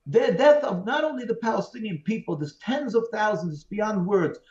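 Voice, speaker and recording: A man's voice: high-pitched, animated, normal speed, darkish tone. Impassioned man on a roomy call. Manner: emphatic, pleading, with repeated phrases and restarts. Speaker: rabbi, interview guest. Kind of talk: impassioned interview answers. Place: remote call from home. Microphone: video call. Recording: roomy, dull video-call audio.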